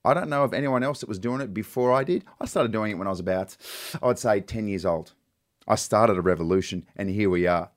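A man's voice: fairly low pitch, brisk, no room sound, clean studio sound. A man in his thirties with an Australian accent, co-hosting breakfast radio in a cheeky, playfully stubborn way. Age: 30s. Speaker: radio co-host. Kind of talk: casual breakfast radio banter. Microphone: studio microphone.

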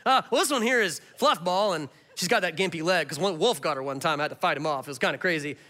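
A preacher doing a folksy doting shepherd. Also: male voice, fairly high pitch, quick pace, pushed and bright. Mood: fond. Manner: rambling, affectionate. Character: folksy male shepherd fond of his sheep.

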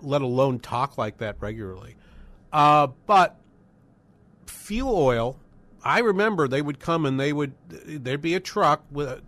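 A man's voice: mid-range voice, fairly bright tone. Rambling older male radio talk host. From northern New England. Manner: rambling, conversational, many fillers and restarts. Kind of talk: casual call-in radio talk.

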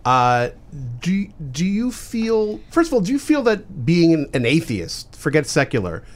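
A man hosting a podcast interview, asking eager, halting questions with many fillers. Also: a little high, wildly swooping pitch. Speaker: podcast host. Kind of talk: conversational interview.

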